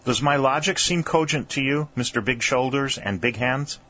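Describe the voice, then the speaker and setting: A man's voice: medium pitch, normal speed, bright, forceful tone, lo-fi sound, pitched above the performer's own voice. A man reading as a precise, bookish young soldier. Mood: precise, dry. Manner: precise, formal, pedantic diction.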